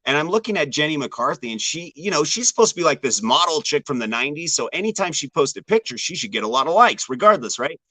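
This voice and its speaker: A man speaks as a podcast guest with a bright, forceful tone. He talks bluntly and piles up restarts as his opinions pour out. The sound is dry and close. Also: fairly high pitch, very animated, fast talker, few pauses, dry recording. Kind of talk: casual political chat.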